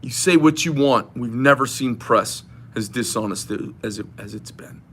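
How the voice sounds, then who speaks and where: A man's voice: medium pitch, moderate pace, a bit bright, slight background noise. A man delivering an impassioned, rambling political rant to his viewers, retelling a phone call with a friend. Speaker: knife shop owner.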